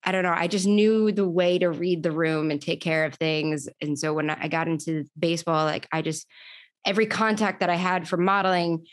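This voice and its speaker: In a lowish, steady voice at normal speed and with no echo, a young New York woman recounts her story for a podcast interview. Her casual, chatty telling is packed with "like" fillers.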